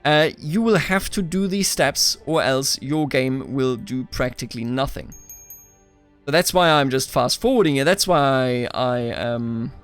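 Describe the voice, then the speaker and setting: A man's voice: medium pitch, expressive, measured pace, a bit bright, clean tone, faint music behind. A young man giving casual, playful gameplay commentary as the host, chatting back at the characters on screen. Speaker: let's play host.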